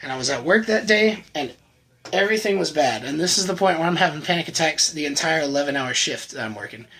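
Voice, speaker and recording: A man in his thirties giving a candid personal testimony as a channel host, halting and full of restarts. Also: a little high, lively intonation, bright, forceful tone, husky, low-quality recording. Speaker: channel host telling his recovery story. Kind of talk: personal testimony, casual storytelling.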